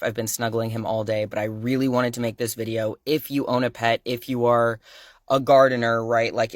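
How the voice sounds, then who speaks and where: A man's voice: medium pitch, dry recording, clean studio sound. Rambling young man telling a story. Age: young adult. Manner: rambling, heavy use of "like", excitable retelling. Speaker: pet owner telling a story. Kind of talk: casual storytime to camera.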